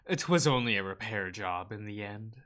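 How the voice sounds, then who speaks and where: A man's voice: lowish voice, expressive, moderate pace, a bit bright. A man reading a visual novel aloud, voicing a stern, intimidating female doctor who speaks in a curt, commanding way. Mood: cool, stern.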